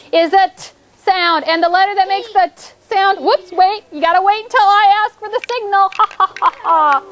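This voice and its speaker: In a classroom, a woman with a very high voice leads a fourth grade phonics lesson. She stretches out her prompts and repeats cues while the students think.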